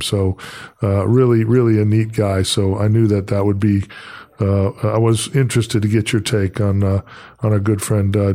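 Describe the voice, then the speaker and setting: A man's voice: lowish voice, dark tone. Chatty male podcast host. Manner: chatty storyteller, laughs while telling anecdotes. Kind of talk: casual interview chat.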